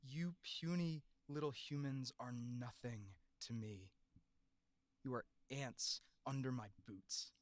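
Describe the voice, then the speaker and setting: A haughty god sneers at puny humans in a low, hushed, icy voice, as a voice actor performs it. The delivery is slow and deliberate, recorded close and dry. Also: no echo, close to an everyday voice. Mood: cold contempt. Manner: low, cold, hushed contempt. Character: arrogant self-proclaimed god, scornful of humans. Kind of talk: voice acting audition clip.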